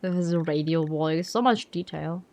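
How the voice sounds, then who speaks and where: A woman streamer chatting casually during a game, talking slowly with lots of repeated words and giggles. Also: low voice, warm tone.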